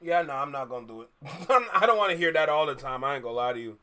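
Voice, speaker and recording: A man's voice: mid-range voice, animated, racing, bright, forceful tone. A man co-hosting a reaction stream, laid-back, chiming in with short remarks. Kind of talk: casual reaction chat.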